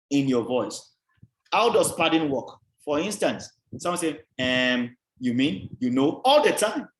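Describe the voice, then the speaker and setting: A man lectures on presentation skills, punching his emphasis and repeating himself to drive points home. His voice sits a little high for a man. The recording carries a roomy echo. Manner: emphatic, repeats key words, quizzes the class. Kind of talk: revision class lecture. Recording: roomy echoey sound.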